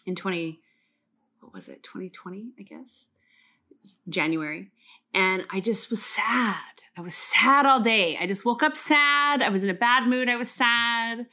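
A woman in casual chat, telling an animated story with lots of swearing and fillers. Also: mid-range voice.

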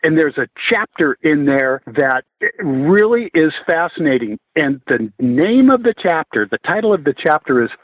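A man talking as a guest, telling relaxed stories with frequent restarts. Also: fairly high pitch, normal speed, dry recording. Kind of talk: casual storytelling interview. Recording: tinny phone line, husky and dry.

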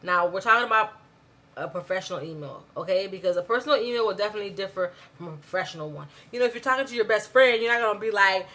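A woman's voice: medium pitch, quick pace, bright, forceful tone. A woman giving tips on business emails in a chatty, conversational way. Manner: chatty and conversational, many fillers and asides. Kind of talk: casual spoken tutorial.

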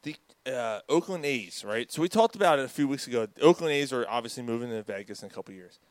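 A man hosting a casual sports podcast with friends, laughing often and firing off quick asides. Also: mid-range voice, lively intonation, dry recording. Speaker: podcast host.

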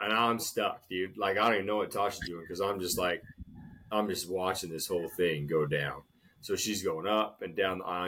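A man co-hosting a casual podcast, telling a long shopping story in an animated way and often calling his friend "dude.". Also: slightly rough. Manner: animated storyteller, swings loud and high acting out scenes, says "dude" a lot. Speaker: podcast co-host.

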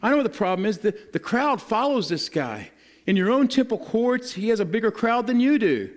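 High-voiced preacher telling a story. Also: male voice, a little fast. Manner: animated storytelling, acting out scripture scenes in a casual modern voice. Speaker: pastor. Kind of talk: sermon.

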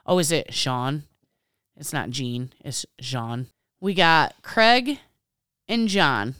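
Low-voiced woman, blunt and offhand. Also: a bit bright, clear, resonant tone, no echo, clean studio sound. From Illinois, US. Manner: blunt, offhand reader who adds wisecracks. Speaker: podcast co-host. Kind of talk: casual chat, reading a story aloud.

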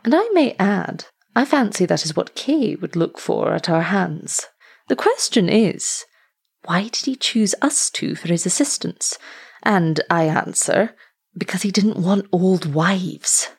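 A man's voice: high-pitched, lively intonation, unhurried, vocal fry, husky, heavily acted. A woman reading a cool, sneering young doctor. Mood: coolly persuasive. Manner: coolly dismissive, sneering.

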